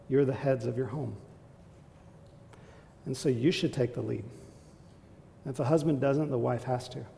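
Gravelly preacher with hall reverb. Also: male voice, medium pitch. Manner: emphatic, builds to forceful exhortation. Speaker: pastor. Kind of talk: sermon.

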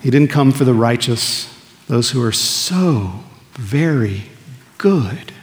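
A pastor preaching an earnest sermon, asking the congregation questions and answering them himself. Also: male voice, medium pitch, expressive, takes it slowly. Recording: long reverb of a large hall.

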